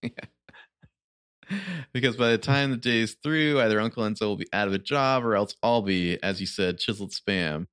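A man's voice: lowish voice, moderate pace, fairly bright tone, clear, resonant tone, no room sound, studio quality. A man co-hosting a book podcast, reading passages aloud in casual chat and laughing often. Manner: reads quotes with loose playful voices, laughs often.

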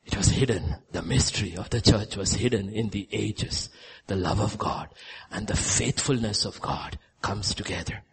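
A male preacher delivering a sermon, telling stories and swinging between loud emphasis and hushed lines. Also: lowish voice, moderate pace, gravelly, breathy edge.

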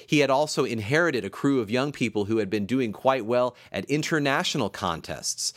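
A male composer giving a recorded spoken lecture on dance rhythms, measured and explanatory, counting beats aloud in a softer voice. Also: mid-range voice, expressive, dry recording, clean studio sound. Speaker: composer and music teacher. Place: room in campus music building.

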